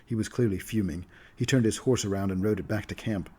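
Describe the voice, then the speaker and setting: Male narrator, fantasy game recap, low pitch, dark, husky voice, steady storytelling. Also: fairly quick. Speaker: game master recapping the campaign.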